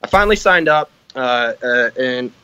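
Bright-voiced laughing male guest. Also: mid-range voice, expressive, moderate pace, clean tone, no room sound, rough recording. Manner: laughing, profane, filler-heavy. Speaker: podcast guest, army veteran. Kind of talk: casual podcast chat.

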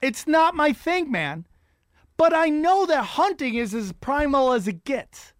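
A man's voice: very high voice, big pitch swings, measured pace, no echo, clean studio sound. A man hosting a casual chat, telling rambling, profane, self-mocking stories.

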